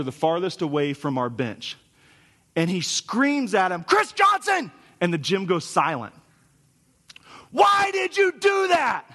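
High-voiced man preaching a sermon. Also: a bit bright. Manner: earnest, conversational preaching with storytelling asides. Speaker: pastor.

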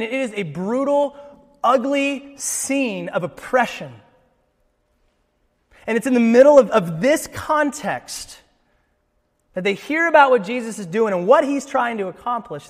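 High-voiced guy preaching, chatty and animated, big hall echo. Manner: animated, conversational preaching with asides. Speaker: pastor. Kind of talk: sermon.

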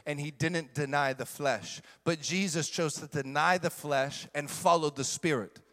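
A middle-aged male pastor preaching with emphatic force and repeating his key lines. His voice sits high and rings bright. Long reverb from a large hall trails every phrase. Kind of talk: sermon.

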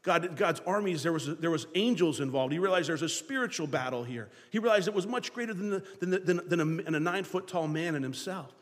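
A man preaching a sermon, lively, acting out the voices of biblical figures to his congregation. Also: on the high side, quick pace, few pauses, long reverb tail. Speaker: pastor.

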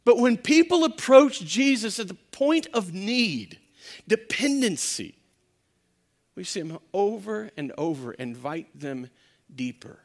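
A man's voice: sits high, slow pace. A male pastor preaching a sermon, telling a story with energy, acting out quotes and often restarting his sentences. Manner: animated storytelling, acts out quotes, frequent restarts.

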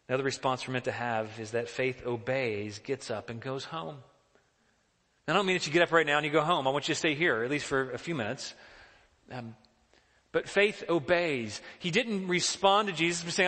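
A male pastor preaching in an earnest, emphatic manner, often posing questions to his listeners. His voice is bright and clear, at a middle pitch. It carries through a church hall with a long echo. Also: normal speed. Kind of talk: sermon.

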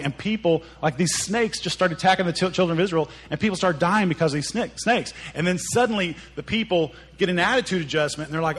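Man, pastor, sermon, storytelling, acts out characters, slightly high voice. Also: a little fast, few pauses, fairly bright tone, slight background noise. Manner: conversational storytelling, acts out characters' lines, frequent repeated words.

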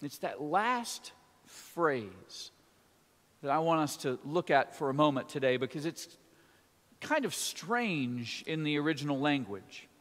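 Preacher, male, slightly high voice, chatty sermon delivery with homey asides, echoing church hall. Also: big pitch swings, measured pace, fairly bright tone. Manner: conversational, with folksy asides. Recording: long church reverb.

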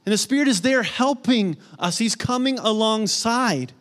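A middle-aged man preaching a sermon, earnest, swinging from emphatic peaks to soft, hushed storytelling. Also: sits high, moderate pace. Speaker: pastor.

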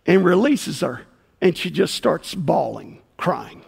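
Preaching as pastor in a church sanctuary, this man speaks slowly in a slightly high voice with a creaky, breathy edge. He animates his story by acting out the voices of the people in it, and a long hall reverb trails behind him.

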